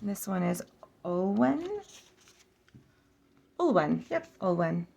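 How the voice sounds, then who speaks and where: Gravelly-voiced woman sounding out names. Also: fairly low pitch, very animated, a little mellow, lo-fi sound. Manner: chatty, practicing name pronunciations slowly and repeatedly. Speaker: oracle deck reviewer. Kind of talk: casual flip-through vlog.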